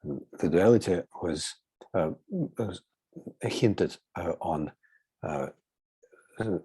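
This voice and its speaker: A man with a Russian accent, native Russian speaker, giving a seminar lecture over a video call, halting with frequent pauses and fillers. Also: sits low, mellow, slightly rough, no echo.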